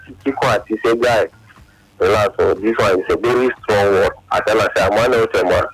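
A Nigerian man calling in to a radio show, telling a halting, emotional story of lost love in pidgin-laced English. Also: lowish voice, fairly even intonation, rough recording. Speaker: caller.

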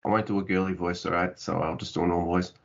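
A man's voice: sits low, flat delivery, fast talker, creaky, highs cut off. A man co-hosting a casual movie review podcast, making dry, mocking asides. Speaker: podcast co-host.

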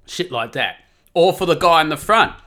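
A man's voice: on the high side, moderate pace. A middle-aged man ranting profanely through a comic podcast monologue. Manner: sweary, ranting, animated. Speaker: podcast host.

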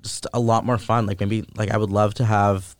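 A man's voice: fairly low pitch, flat delivery, normal speed, no echo. A young man co-hosting a podcast, talking loosely and swearing casually in a rambling chat. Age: young adult.

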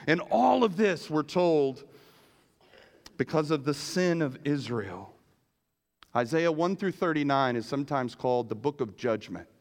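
A man's voice: on the high side, expressive, unhurried. Conversational middle-aged male preacher. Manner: conversational storytelling, varied emphasis, repeats words. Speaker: pastor. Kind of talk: sermon.

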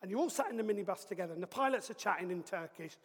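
A man preaching, telling a lively, comic story with acted-out asides. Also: sits high, racing, long reverb tail. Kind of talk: storytelling sermon.

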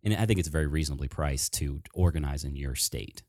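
Male podcast host, deep mellow voice, excitable, casual chat. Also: no room sound, clean studio sound. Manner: excitable, animated, talks fast.

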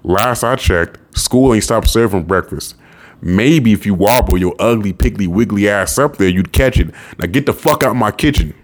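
A man reading an audiobook and voicing a raspy, crude, scornful middle-aged bully, with lines that snap and sneer. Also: lowish voice, normal speed, lightly acted. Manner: sneering, snapping, roaring. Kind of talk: audiobook character voice.

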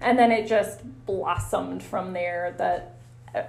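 A woman physical therapist telling stories in a casual interview, animated and quick to laugh. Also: lowish voice, gravelly. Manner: animated, laughs often, acts out her own reactions. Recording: roomy echo.

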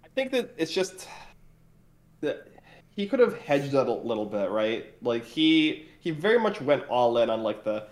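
A man's voice: mid-range voice, very animated, measured pace. A man co-hosting a casual recap discussion, talking in a hesitant way with many filler sounds. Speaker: podcast co-host. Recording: roomy echoey room.

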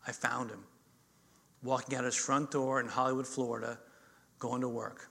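Bright-voiced man preaching a sermon. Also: mid-range voice, moderate pace, vocal fry, pauses often, husky. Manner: storytelling, swings between loud emphasis and quiet intensity. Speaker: pastor.

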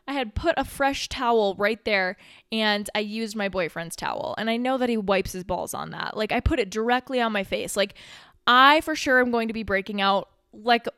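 A young woman in her twenties hosts a casual solo podcast, rambling with lots of "like," swearing often, and sounding a little out of breath. Her mid-range voice moves at a moderate pace, pushed and bright, clear and resonant. The studio-quality recording has no echo.

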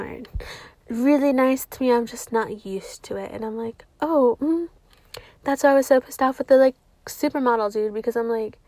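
A woman's voice: fairly high pitch, a little mellow, no room sound. A young woman vlogging, rambling through a confessional story with plenty of swearing and "like". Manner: rambling, profane, heavy use of "like".

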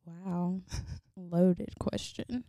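A woman's voice: fairly low pitch, fairly even intonation, mellow, no room sound, clean studio sound. A young woman hosting a podcast, chatting casually and easily with short replies. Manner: easygoing, quick with short replies and laughs. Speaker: podcast host.

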